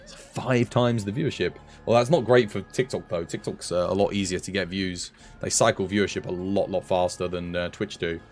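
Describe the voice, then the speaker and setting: British guy, low voice, laid-back stream chat, tired, faint music under it. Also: fairly quick, hardly any pauses. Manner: chatty, relaxed, talks to viewers. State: tired, dry throat. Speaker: game streamer. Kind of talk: live game stream commentary.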